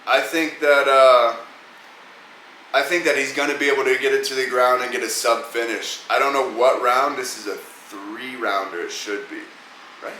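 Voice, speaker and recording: A man hosts a podcast, rambling through casual, profane picks on upcoming fights. His mid-range voice is bright and forceful, with a steady tone and moderate pace. The room is echoey, with faint ambience and slight background noise.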